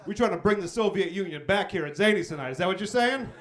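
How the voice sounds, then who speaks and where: High-voiced stand-up comedian teasing a crowd. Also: male voice, expressive, fast. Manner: teasing, profane, riffing with the audience. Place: comedy club stage. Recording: live club recording with crowd. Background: audience laughter.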